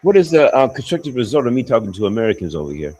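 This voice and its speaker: Casting: blunt, foul-mouthed man, casual chat, lively pitch swings, lots of restarts. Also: racing, poor audio. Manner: blunt, profane, rambling with many restarts. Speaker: expat talking on a livestream call. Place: abroad, with faint outdoor sounds behind.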